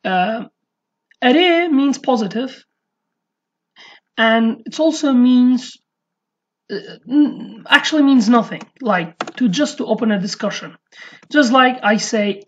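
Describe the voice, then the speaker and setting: A woman from Iraqi Kurdistan who speaks natively, teaching an online language lesson in English. She explains haltingly, with frequent fillers, and repeats her example phrases. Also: on the high side, animated, slightly rough, dull audio. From Iraqi Kurdistan, Slemani.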